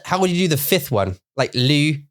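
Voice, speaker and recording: A man's voice: a little high, big pitch swings, moderate pace, no room sound, studio quality. A man, a native English speaker, co-hosting a casual bilingual podcast, playful and jokey, stumbling over his words. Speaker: podcast co-host.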